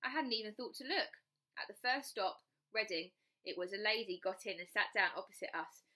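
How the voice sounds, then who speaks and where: A woman's voice: medium pitch, expressive, fairly quick, sharp tone. A woman reading a children's storybook aloud, narrating in the first person with expression. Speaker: storybook reader.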